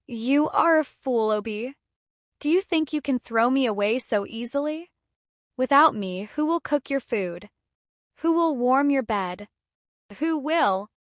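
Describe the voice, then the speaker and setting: A cruel stepmother from a spoken storybook, harsh and threatening with a put-on sweetness she slips into at will, as a woman narrator voices her. The voice sits fairly high and sounds close and dry. It is plainly the storyteller's own voice. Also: lively intonation, a little slow, no room sound.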